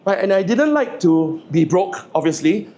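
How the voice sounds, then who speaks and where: Guy in his 40s, pretty high voice, funny motivational talk, stumbles and repeats himself, keeps asking the crowd stuff. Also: moderate pace. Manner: lively, stammers and repeats words, jokes and asks the audience questions. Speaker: motivational speaker. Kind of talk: humorous public speech to a live audience.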